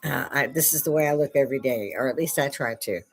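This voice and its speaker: A woman's voice: very deep voice, fast talker, breathy edge. An older American woman hosting a livestream from her home bar, chatting in a rambling way and laughing often, on a headset mic. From United States. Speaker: livestream host. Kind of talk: casual chat. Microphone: headphones with clip-on mic.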